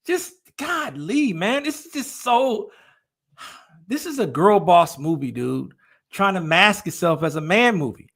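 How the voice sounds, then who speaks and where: A man's voice: high-pitched, sing-song, a little slow, a bit bright. A man ranting in a casual podcast chat, exasperated, filling his lines with "dude" and "man".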